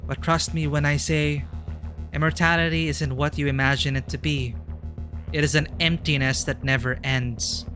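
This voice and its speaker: A man voicing a calm, cold, mysterious interrogator who questions slowly and deliberately. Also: a little high, soft background music, natural voice. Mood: solemn.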